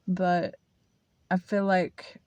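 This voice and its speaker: A young woman telling a personal story to camera in a halting, confessional way, full of fillers and restarts. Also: on the low side, level tone, darkish tone, clear, resonant tone, no echo, highs cut off. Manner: confessional, emotional. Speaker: vlogger. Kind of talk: casual storytelling.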